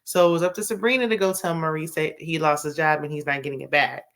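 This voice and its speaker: A woman's voice: low-pitched, fairly even intonation, fast, a bit bright. A woman recapping a TV drama in a chatty, sassy way, full of slang and asides. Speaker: TV recap host. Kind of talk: casual TV recap chat.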